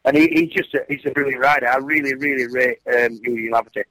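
A man's voice: mid-range voice, quick pace, dry recording, rough recording. A man, a former racer, chatting casually and telling stories with lots of restarts. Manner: animated storyteller, many restarts. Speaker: former racer and commentator guest. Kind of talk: casual chat.

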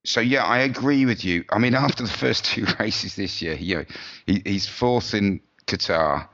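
A man's voice: lowish voice, moderate pace, fairly bright tone, lo-fi sound. A man co-hosting a podcast who talks about motorbike racing in a rambling, chatty way, often restarting his sentences. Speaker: podcast co-host. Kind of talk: casual motorsport chat.

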